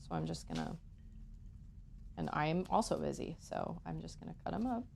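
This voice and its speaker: A woman's voice: sits low, huge pitch swings, moderate pace, gravelly, a little mellow, a little hiss or hum. A woman streamer chatting casually and thinking aloud while she plays a game. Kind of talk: casual gameplay chat.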